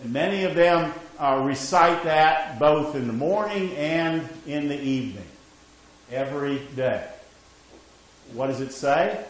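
A man preaching in a strongly echoing space, his voice a little higher than most men's. He delivers slowly and deliberately, pressing key words and pausing to check in with his listeners. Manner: emphatic, rising and falling, frequent "okay?" check-ins. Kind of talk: sermon.

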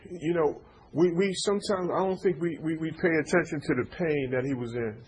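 A man's voice: a little high, fairly quick, a little mellow, breathy edge, low-quality recording. A man preaching an informal sermon, stammering through repeated words and checking in with his listeners. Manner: stammering repetitions, call-and-response asides.

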